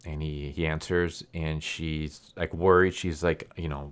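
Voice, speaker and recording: Male reviewer, deep voice, loose rambling recap style. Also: fairly even intonation, normal speed. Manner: rambling retelling with fillers and quoted dialogue. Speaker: video reviewer. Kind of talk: casual recap commentary.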